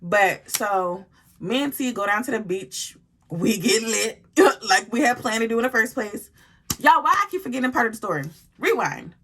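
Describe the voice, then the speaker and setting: A young adult woman telling a story in a casual vlog, animated and profane, acting out the dialogue as she goes. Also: fairly high pitch, normal speed, slight background noise. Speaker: storytime vlogger.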